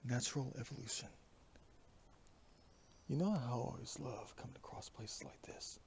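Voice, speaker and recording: On a wooded mountain road, a man films an outdoor hiking vlog with a handheld camera, rambling along and often dropping into a whisper. His voice is mid-range and gravelly, his pace moderate, with slight background noise.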